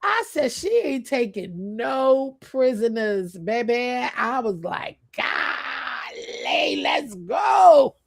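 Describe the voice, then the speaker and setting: Livestream host, woman; rowdy, laughing banter, slow and high with gravel. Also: animated, no room sound. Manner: loud, laughing, playful trash talk. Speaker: channel host. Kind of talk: casual live chat.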